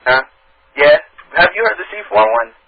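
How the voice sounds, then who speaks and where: A man's voice: high-pitched, animated, normal speed, gravelly. Eager male caller on a tinny phone line. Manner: eager, rambling. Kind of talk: casual phone chat.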